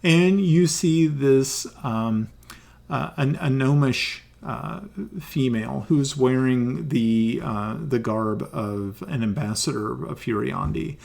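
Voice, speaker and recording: A man's voice: mid-range voice, takes it slowly, vocal fry, darkish tone. A man narrating as game master, hesitant, with many ums and restarts.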